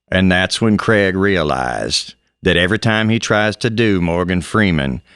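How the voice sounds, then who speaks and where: Middle-aged male comic, deep-ish, rambling storyteller, dry studio sound. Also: expressive, unhurried, a bit bright, clean tone, no echo. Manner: rambling storyteller, laughs at own tales. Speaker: comedian guest. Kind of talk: casual podcast chat. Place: small hot studio.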